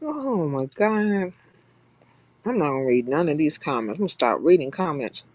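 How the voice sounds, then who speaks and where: A woman's voice: low voice, very animated, normal speed, a little mellow, no room sound. A young woman from California hosting a live stream in blunt, profane, casual chat, laughing often. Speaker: livestream host.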